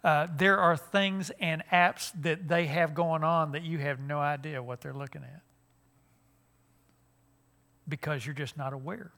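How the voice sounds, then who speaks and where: A man's voice: a little high, fairly even intonation, measured pace, gravelly, pauses often, sharp tone. An older man, giving a folksy, joking talk at a church conference, with frequent restarts. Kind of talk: humorous seminar talk.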